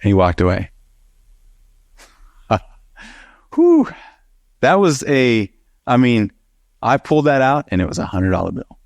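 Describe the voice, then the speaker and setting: A man teaching a Bible study, telling a personal story with lively acted-out dialogue and frequent laughter. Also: on the low side, no echo, clean studio sound. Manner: animated storyteller who acts out dialogue and laughs.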